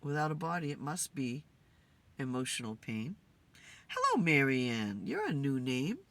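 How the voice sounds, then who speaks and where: A woman host talking to spirits in a casual, musing way, tired and low on energy. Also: big pitch swings, normal speed, fairly bright tone. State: tired, yawning. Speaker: spirit communicator and channel host. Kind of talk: casual spirit session monologue. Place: in a car.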